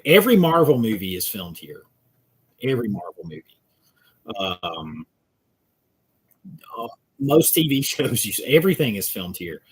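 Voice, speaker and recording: This channel host is a man with a husky, mid-pitched voice and a Georgia, US South accent. In a casual livestream chat, he answers the live chat in a rambling, chatty way, reading out what viewers have written.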